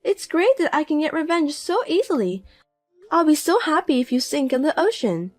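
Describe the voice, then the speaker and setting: A woman's voice: high-pitched, big pitch swings, normal speed, soft background music. A woman voicing a cool, mocking middle-aged mother. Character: calm, proud mother of a grown son. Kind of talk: narrated audio drama.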